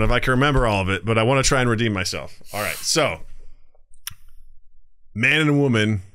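A man co-hosting a podcast, telling a shaggy-dog joke deadpan and acting out the characters with sudden shouts. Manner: acts out characters with big pitch jumps and shouts. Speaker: podcast co-host.

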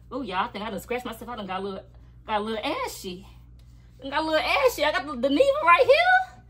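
Young female vlogger with a slightly high voice, chatty and full of slang, in a get-ready-with-me chat. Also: a bit bright, slightly rough. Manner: chatty, slangy, talks straight to viewers as y'all.

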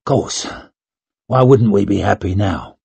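A man's voice: lowish voice, animated, slow, a little mellow, slightly rough, no echo, pitched below the performer's own voice, full character voice. A man voicing a weary older working man in an audiobook, plain and clipped. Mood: uneasy.

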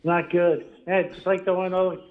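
A man with a fairly high voice calls in to a radio show over a thin, tinny phone line. He chats in an easygoing, rambling way. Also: little pitch movement, moderate pace. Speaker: caller. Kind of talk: casual phone-in chat.

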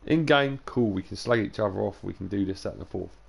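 Gravelly young man streaming, tired. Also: on the low side, quick pace. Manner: loose, sweary banter to chat, drifting into sing-song and whispers. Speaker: game streamer. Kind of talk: live gameplay stream chatter.

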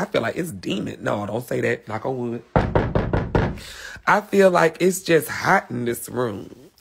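Guy with a cold ranting on his phone live, high raspy gravelly voice, cussing a lot, at home in the guest room. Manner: brash, profane, animated ranting. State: has a cold. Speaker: livestream host. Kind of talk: casual livestream rant. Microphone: phone livestream.

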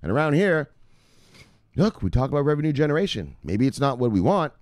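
Boisterous, profane man with lively pitch. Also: brisk, no room sound, studio quality. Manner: boisterous and profane, street slang. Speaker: crypto news vlogger. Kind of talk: casual profane commentary.

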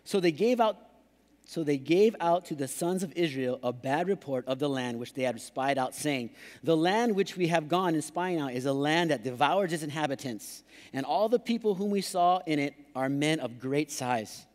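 A man preaches a playful sermon, slipping into put-on voices to mock excuses. His voice sits fairly high. The sound carries the long reverb of a large church hall. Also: lively intonation, moderate pace, darkish tone. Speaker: pastor.

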